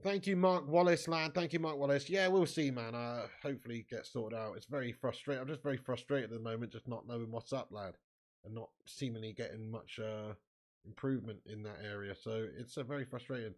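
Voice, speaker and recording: A man's voice: mid-range voice, fairly even intonation, a little fast. A man hosting a live football watch-along, chatting casually with viewers and calling them mate and lad. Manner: erupts into angry shouting at the match.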